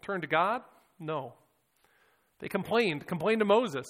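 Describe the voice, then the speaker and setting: A man with a high voice delivers a sermon. He speaks in an earnest, reflective way and often doubles back on his words as he goes. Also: expressive, a little slow, pauses often, a bit bright, long reverb tail. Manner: earnest, reflective, with frequent restarts and repeated words. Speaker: preacher.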